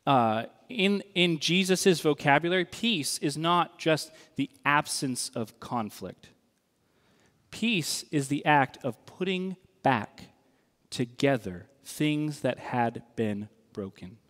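A male pastor gives an earnest, wry sermon in a slow, unhurried way. His fairly high voice carries a long reverb from a large church hall. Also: lively intonation, fairly bright tone.

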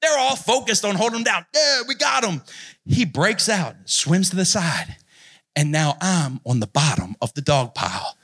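A man preaching at a youth retreat, telling a childhood story with animated energy and dropping low and slow when he makes his point. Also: slightly rough. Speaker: pastor. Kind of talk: sermon with personal story.

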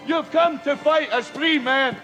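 An actor with a Scottish accent playing a defiant rebel leader giving a stirring battle speech to his army, building to shouts. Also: extremely high pitch, unhurried. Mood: defiant, rousing. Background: film score music.

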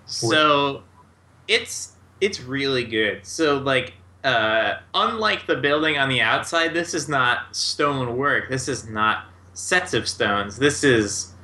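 A man's voice: medium pitch, lively intonation, slow pace, bright, forceful tone. A man narrating a tabletop game as game master, loose and full of fillers.

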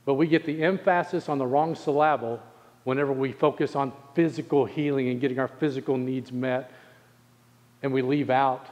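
A male pastor preaching a sermon, asking the congregation rhetorical questions and slowing down to stress key phrases. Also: mid-range voice, a little mellow, in a large hall.

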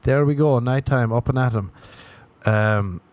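A man's voice: medium pitch, unhurried, a little mellow, no room sound. A man with an Irish accent hosting his own podcast, rambling through a self-mocking comic monologue and slipping into acted inner voices. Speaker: podcast host.

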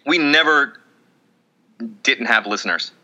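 A man's voice: medium pitch, animated, measured pace, pushed and bright. A man co-hosting a casual podcast, rambling and self-mocking, acting out his own past lines. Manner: rambling, self-mocking, quotes himself in bits. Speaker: podcast co-host. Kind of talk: casual chat.

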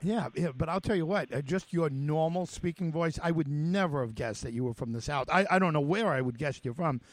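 New york guy hosting a radio show, bit higher voice, lots of uh and restarts. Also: dry recording. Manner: halting, many fillers and restarts. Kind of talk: casual radio interview.

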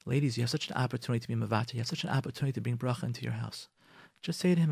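A man's voice: mid-range voice, rapid-fire, creaky, slightly rough, no room sound, clean studio sound. A man hosting a radio talk show, giving marriage advice in an emphatic, repetitive way. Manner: emphatic and repetitive, animated acted-out quotes.

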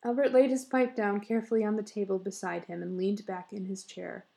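A woman narrates a short story aloud in a steady, measured way. Her voice is mellow and warm, with a gravelly edge at the bottom of it. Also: mid-range voice. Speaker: story reader.

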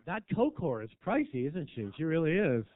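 A high-voiced man doing a stand-up set in a small club. He is sardonic and foul-mouthed and breaks into shrill rants. The sound is tinny and dry. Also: very animated, normal speed, no room sound. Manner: sardonic and profane, with shrill outbursts. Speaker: stand-up comedian.

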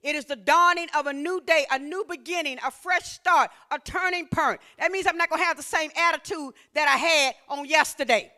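High, bright-voiced woman preaching. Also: fairly quick, few pauses. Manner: call-and-response, builds to shouting. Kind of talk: sermon.

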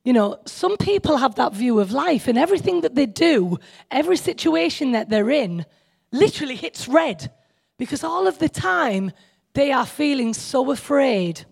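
This woman's high-pitched voice swings widely in pitch and has a darkish, slightly rough tone with vocal fry, at a normal pace. She gives an informal, chatty sermon at a church meeting, joking with the audience, teasing herself, and addressing them directly.

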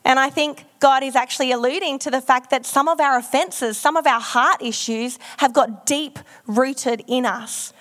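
A woman's voice: sits high, moderate pace, few pauses, fairly bright tone. A woman pastor preaching a sermon, telling frank, self-deprecating stories in a loose, conversational way with plenty of ums and likes.

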